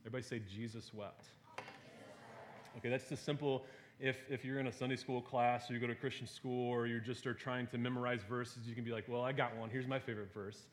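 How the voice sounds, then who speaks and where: A man preaching a sermon to a gathered audience, talking in a relaxed, conversational way with fillers and playful asides. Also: medium pitch, fairly quick, slight background noise.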